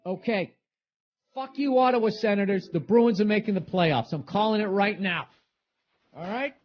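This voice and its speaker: A middle-aged podcast host with a high voice delivers a profane, heated, rambling comedic rant at a moderate pace. The recording is dull and lo-fi.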